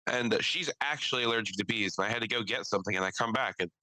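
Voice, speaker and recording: A man's voice: on the low side, racing, pushed and bright, no room sound, rough recording. A young man with a New York accent, a podcast co-host telling work stories in casual chat and laughing often. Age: young adult. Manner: storytelling, laughs often, quotes people in put-on voices.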